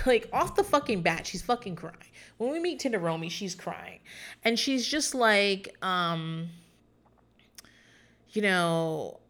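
A woman's voice: mid-range voice, animated, slow, pauses often, a bit bright. A woman in casual talk, rambling and swearing freely as she recaps a show, with frequent laughs and filler words. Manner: profane, rambling, chatty, often laughing.

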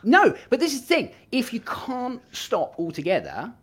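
Rambling man, lively pitch. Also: moderate pace, breathy edge. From England. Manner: rambling, self-interrupting, chuckling. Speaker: podcast guest. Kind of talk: casual chat.

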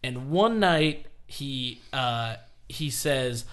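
A man co-hosting a casual podcast, his voice sitting at an ordinary middle pitch. He tells a long story in an animated, loose way, breaking into laughs and quick acted-out quotes. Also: smooth. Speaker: podcast co-host.

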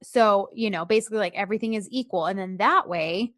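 A woman's voice: medium pitch, fast talker, a bit bright, dry recording, clean studio sound. A woman co-hosting a casual chat, recapping a show's scenes with lots of fillers. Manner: chatty, talks through scenes with fillers. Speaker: co-host reviewing a show.

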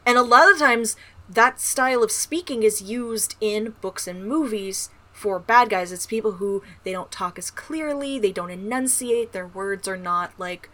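A woman from the American South, co-hosting a casual book podcast with eager, rapid bursts that trail off quietly. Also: mid-range voice. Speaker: podcast co-host.

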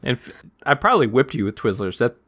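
A man's voice: mid-range voice, big pitch swings, fast, fairly bright tone. A man co-hosting a podcast in casual chat, teasing his co-host and musing in a dry way.

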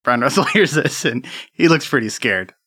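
A man's voice: mid-range voice, expressive, normal speed, bright, forceful tone, dry recording, studio quality. A man narrating as game master of a tabletop game, laughing often.

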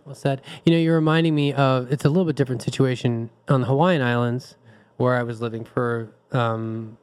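A man's voice: medium pitch, fairly even intonation, a little fast, a little mellow, smooth. Hesitant, thoughtful man guest. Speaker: podcast guest. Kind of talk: casual group discussion.

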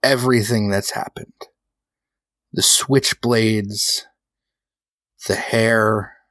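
A man's voice: fairly low pitch, a bit bright, no echo. A man playing a tabletop game, describing his character's actions in a casual, filler-heavy way. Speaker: player.

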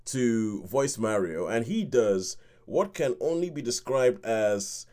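A man's voice: mid-range voice, expressive, slow, dark tone. Chatty man reviewing a film. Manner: chatty, laughing, acts out reactions and hums tunes. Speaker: film review podcast host. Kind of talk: casual film review chat.

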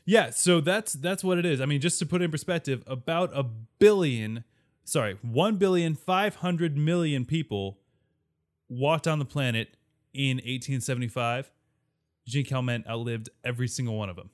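A man's voice: mid-range voice, normal speed. A man co-hosting a podcast in casual chat, rambling, correcting himself as he reads along and laughing easily. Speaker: podcast co-host.

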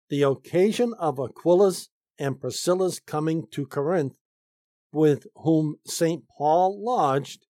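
A man teaching the Bible, reading commentary aloud and explaining it slowly, stressing key phrases. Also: fairly high pitch, warm tone, dry recording, studio quality. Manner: slow, deliberate reading with emphatic stresses.

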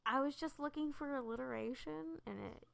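Young woman, podcast co-host, gravelly fry, tired, blunt, dry sarcastic chat. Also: high voice, fairly quick, a bit bright. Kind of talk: casual chat.

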